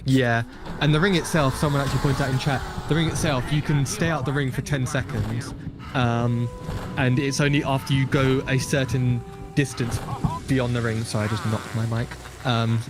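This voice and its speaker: A man's voice: mid-range voice, fairly even intonation, normal speed, music in the background. Chatty man commentating a speedrun. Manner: chatty, joking, explains game tricks. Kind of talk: live gameplay commentary.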